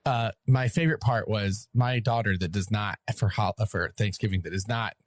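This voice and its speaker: A man's voice: lowish voice, normal speed, no room sound, studio quality. A man with a Southern accent co-hosting a podcast, telling stories in casual chat, laughing often and mimicking voices. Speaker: podcast co-host.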